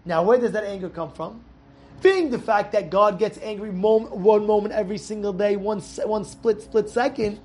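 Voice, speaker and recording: High-voiced, emphatic man teaching a lesson. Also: moderate pace. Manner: emphatic, repeats phrases, shouts in acted quotes. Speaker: rabbi teaching young students. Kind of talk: animated Torah lesson with storytelling.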